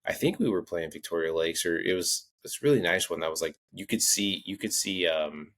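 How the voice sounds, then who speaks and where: A man's voice: low-pitched, brisk, a bit bright. A man co-hosting a golf podcast, chatting casually and telling stories in a rambling way with many restarts. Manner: rambling, lots of restarts and fillers, storytelling. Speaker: podcast co-host. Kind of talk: casual chat.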